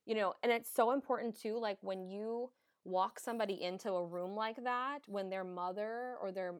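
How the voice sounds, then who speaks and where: A woman's voice: mid-range voice, moderate pace, no room sound, clean studio sound. Frank, foul-mouthed woman nurse host. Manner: frank, emphatic, swears freely. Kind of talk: candid casual chat.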